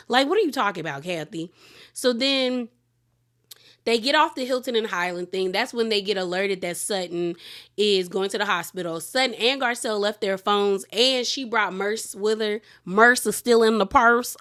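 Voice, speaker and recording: A woman's voice: medium pitch, bright, forceful tone. A woman casually recapping a reality TV reunion episode, talking loosely with lots of fillers and laughing asides.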